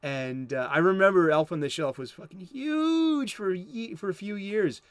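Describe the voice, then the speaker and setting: A man's voice: fairly high pitch, normal speed, clear, resonant tone, dry recording. Rambling American man hosting comics chat. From United States. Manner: rambling, profane, self-interrupting. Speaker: comic book show host.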